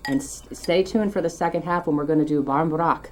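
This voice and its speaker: Chatty woman host with a low voice. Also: brisk, slight background noise. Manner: chatty, enthusiastic, teasing. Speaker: cooking show host. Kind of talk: cooking demonstration.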